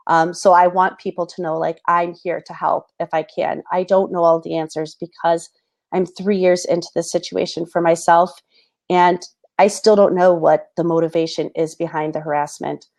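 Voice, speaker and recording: A woman in her thirties talks straight to her viewers in an earnest, halting way, full of fillers and restarts. Her voice sits a little low, and she sounds close to tears. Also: flat delivery, creaky, darkish tone. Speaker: host. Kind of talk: personal talk to camera.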